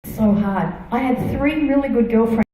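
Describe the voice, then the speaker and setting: Middle-aged woman, testimony in church, halting and full of fillers, mellow tone, far from the mic in a very echoey hall. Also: on the high side, slight background noise. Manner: halting, many fillers and restarts. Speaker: church member giving testimony. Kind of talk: personal testimony.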